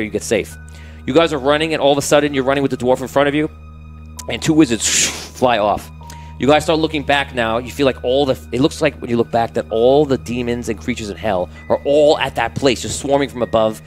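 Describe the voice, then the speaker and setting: A man's voice: medium pitch, rough recording. Rambling male game master narrating. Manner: rambling, with many restarts and fillers; cinematic scene-setting narration.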